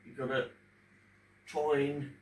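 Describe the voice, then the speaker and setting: A man in his fifties speaking emotionally at home in front of a fish tank, pausing often as he talks about his own experience. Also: medium pitch, flat delivery, darkish tone. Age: 50s. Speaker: vlogger talking about his depression. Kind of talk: unscripted personal talk to camera. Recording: echoey room, distant mic, faint background hum.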